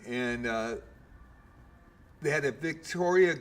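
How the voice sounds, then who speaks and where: A man's voice: medium pitch, takes it slowly, a little hiss or hum. A man in his fifties, a game streamer, casually telling a long story with lots of fillers and mild swearing.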